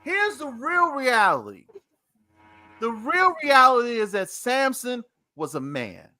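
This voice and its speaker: Animated, high-voiced man telling a story. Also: takes it slowly. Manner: emphatic, lively, repeats for effect. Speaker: podcast host. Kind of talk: casual chat, animated storytelling.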